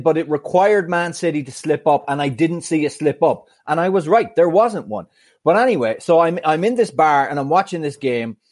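A man in his mid-thirties co-hosting a podcast, telling an anecdote in a lively way and acting out other voices. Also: on the high side. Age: mid-30s. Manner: animated storyteller who acts out other voices. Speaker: podcast co-host. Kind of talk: casual chat, anecdote.

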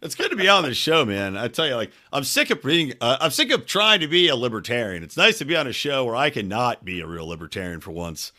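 A man guesting on a casual podcast, joking crudely in a smooth radio-announcer voice. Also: mid-range voice, sing-song, quick pace, hardly any pauses, pushed and bright. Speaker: podcast guest, host of another show.

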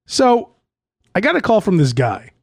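Animated high-voiced man telling stories. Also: moderate pace, no room sound, studio quality. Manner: animated, profane, playfully indignant storyteller. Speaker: podcast host. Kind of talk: solo comedic storytelling podcast.

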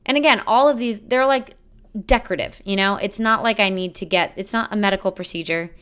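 A woman's voice: medium pitch, fairly quick, a bit bright, clear, resonant tone. A young woman hosting a casual solo podcast, chatting in a rambling, self-deprecating way and laughing often. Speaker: podcast host.

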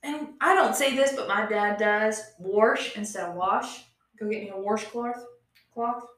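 A young woman, chatting casually as a podcast co-host and telling animated stories with frequent laughs. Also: mid-range voice, moderate pace, roomy sound. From West Virginia. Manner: laughs often, animated storytelling. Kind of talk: casual chat.

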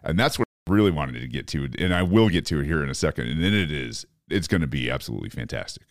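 A man's voice: very deep voice, lively intonation, fast, no echo, clean studio sound. A man hosting a political podcast, ranting in profane disbelief about current events. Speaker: podcast host. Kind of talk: opinionated political commentary.

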